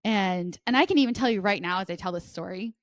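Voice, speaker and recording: A woman talks quickly and a little nervously, piling up fillers and restarting her sentences. Her voice sits in a middle range. The sound is dry and close to the mic, with no room around it. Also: mid-range voice, no room sound. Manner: fast, restless talk with many fillers and restarts. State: nervous and sweaty. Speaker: podcast co-host. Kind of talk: casual podcast chat.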